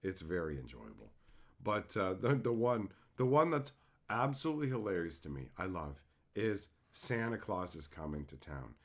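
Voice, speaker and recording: Joking man rambling on a livestream. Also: low voice. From Canada. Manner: rambling, joking, reads viewer chat aloud. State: tired after dental work. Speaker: livestream host. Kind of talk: casual live-stream chat.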